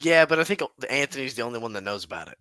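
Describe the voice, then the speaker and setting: A man's voice: medium pitch, very animated, racing, pushed and bright, clear, resonant tone, dry recording. A man co-hosting a podcast, trading crude jokes in casual banter and laughing often. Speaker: podcast co-host.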